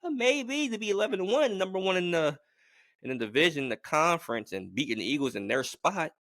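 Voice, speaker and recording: A man vlogging as a sports fan, giving a rambling, animated game prediction in casual talk. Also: fairly high pitch, fairly quick, dry recording, studio quality. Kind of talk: casual sports opinion monologue.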